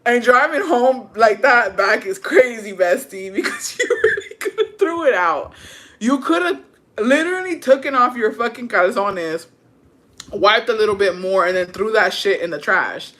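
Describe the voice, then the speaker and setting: Bright-voiced, foul-mouthed woman chatting. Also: a little high, lively intonation, moderate pace. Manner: crude, profane, laughing storytelling; mixes Spanish words into English. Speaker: content creator reading viewer stories. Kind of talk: casual chat.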